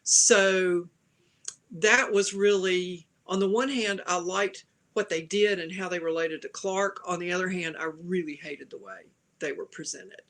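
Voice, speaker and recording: A woman's voice: lowish voice, steady tone, a little slow, fairly bright tone. A woman from the American South, a panelist giving opinionated film criticism with wry asides in a casual chat.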